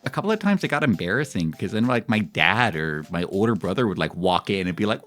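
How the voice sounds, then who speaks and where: Lively low-voiced man streaming. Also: fast talker, hardly any pauses, faint music behind. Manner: rambling, animated and nostalgic, breaks into laughter. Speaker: live streamer. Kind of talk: casual chat with stream viewers.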